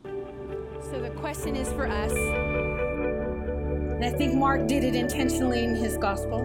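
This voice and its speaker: A woman preaching a sermon in an earnest, tender way, pausing often and ending in prayer. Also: on the high side, fairly even intonation, over loud music.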